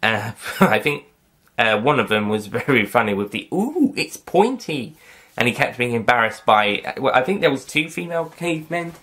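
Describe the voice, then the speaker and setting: A man's voice: medium pitch, a little fast, sharp tone. A man giving a casual, rambling spoken film review, correcting himself often and dropping in light jokes. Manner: rambling, self-correcting, light joking asides.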